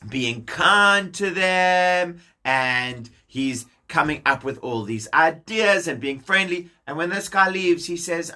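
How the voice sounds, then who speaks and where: A man telling a story to children, animated, talking straight to his young listeners. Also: a little high. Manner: animated, addresses kids directly.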